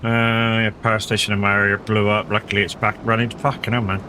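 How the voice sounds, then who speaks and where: A man's voice: on the low side, level tone, quick pace, background noise. A man streaming a farming game live, chatting casually with viewers, laid-back and swearing freely. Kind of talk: casual live gameplay chat.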